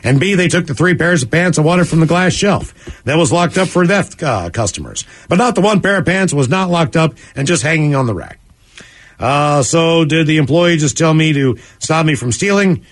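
A man with a somewhat high voice hosts a radio show and reads listener emails out loud. His delivery is lively and conversational, with quick asides between the stories. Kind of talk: reading listener emails on air.

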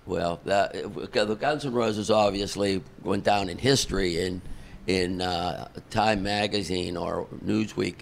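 A man's voice: sits low, unhurried, creaky, a little hiss or hum. An older man, a concert promoter telling a long rambling backstage story full of fillers and restarts. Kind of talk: casual storytelling.

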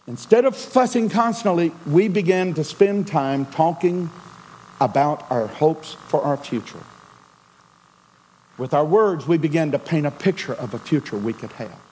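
A middle-aged man preaching a sermon as a pastor, swinging from loud emphasis to a near-whisper. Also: fairly high pitch, lively intonation, a little slow, a little hiss or hum, poor audio.

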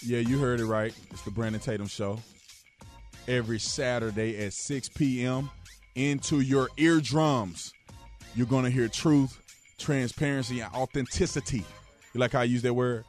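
A man hosting a radio talk show, giving casual joking opinion commentary, jumping between loud outbursts and low, quiet asides. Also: fairly even intonation, moderate pace, faint music behind.

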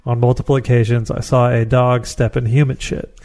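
A man's voice: medium pitch, flat delivery, brisk, a little mellow. A man, a stand-up comedian who mocks himself and swears freely in casual podcast chat. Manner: self-mocking, swears freely.

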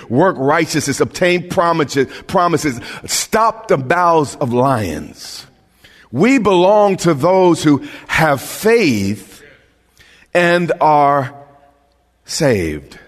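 A male pastor preaching a sermon with passion, repeating words as he builds and sometimes shouting. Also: fairly high pitch, lively intonation, slow pace. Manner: impassioned preaching with stammered restarts, rising to shouts. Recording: long hall reverb.

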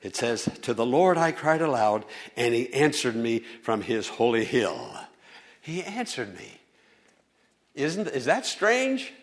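A male pastor preaching a sermon to a congregation, swinging from soft, low lines to loud, high appeals. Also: very animated, slow. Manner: preaching with dramatic swings in loudness and pitch. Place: church.

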